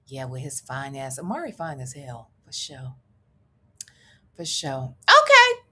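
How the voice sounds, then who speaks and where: A woman with a bright, forceful voice that swoops up and down as she talks, speaking. She chats loosely on a live reaction stream, reads viewer comments aloud and drifts between topics. Her tone stays casual, she swears freely, and she laughs as she goes. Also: very deep voice, huge pitch swings, unhurried. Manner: chatty, wandering, swearing freely, laughing asides. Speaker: commentary vlogger reading live chat.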